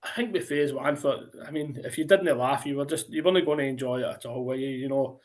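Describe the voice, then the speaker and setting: A man's voice: medium pitch, fairly quick. A man hosting a casual interview, who ends his points with tag questions like "weren't they?". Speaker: host.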